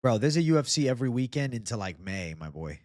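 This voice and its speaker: A man's voice: medium pitch, very animated, fast, darkish tone, no echo, clean studio sound. A young man from Boston hosting a casual live chat. He talks loosely and swears a lot. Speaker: livestream host.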